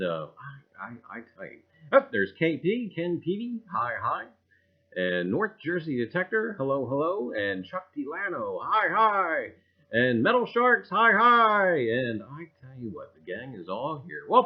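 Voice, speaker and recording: Rambling man hosting a lo-fi livestream. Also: medium pitch. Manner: chatty and rambling, with bursts of loud cheerful greetings. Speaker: livestream host. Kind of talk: casual livestream chat, greeting viewers by name. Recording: dull lo-fi stream audio.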